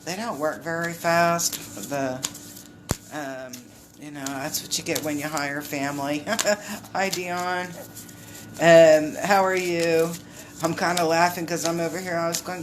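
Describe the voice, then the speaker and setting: A woman's voice: low voice, steady tone, a little slow, background noise. Chatty woman doing a live card reading. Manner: chatty, rambling, greets viewers mid-talk. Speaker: intuitive card reader.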